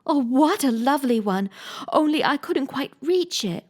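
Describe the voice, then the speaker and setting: A polite, wondering little girl in a storybook, speaking earnestly in a fairly high, lively voice, as a woman reading aloud puts her on. Her questions sound sincere and well-mannered. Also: moderate pace.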